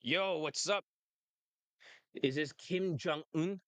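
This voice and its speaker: Brash man with a smooth voice. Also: on the high side, takes it slowly, fairly bright tone, no echo. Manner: brash, laughing, crude. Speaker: dating coach. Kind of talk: casual monologue and phone call.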